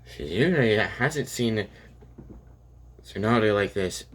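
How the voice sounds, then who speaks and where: Low-voiced rambling young man telling a story. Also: animated. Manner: rambling, halting, many fillers and restarts. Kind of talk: casual improvised story narration.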